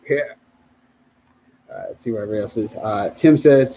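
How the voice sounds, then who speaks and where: A man hosting a casual livestream, reading viewer comments aloud in a relaxed way, often laughing and trailing off mid-sentence. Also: lowish voice, normal speed, long pauses, highs cut off.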